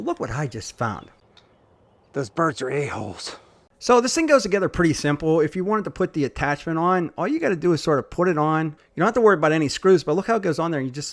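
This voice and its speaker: A man giving a casual, joking product demonstration outdoors while washing a truck, chatty and self-deprecating. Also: a little high. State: out of breath. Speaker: tool reviewer.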